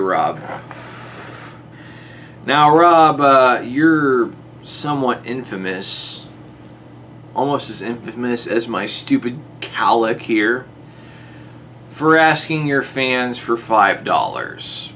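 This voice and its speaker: A man's voice: mid-range voice, expressive, slow pace, long pauses, bright, forceful tone, a little hiss or hum. A man delivering an exasperated monologue to a rival YouTuber, his voice jumping up on rhetorical questions. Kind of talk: monologue to camera.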